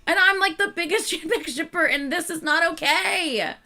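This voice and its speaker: A woman hosting her channel, chatting casually with viewers in an animated, exasperated rant. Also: very high-pitched, moderate pace. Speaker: channel host.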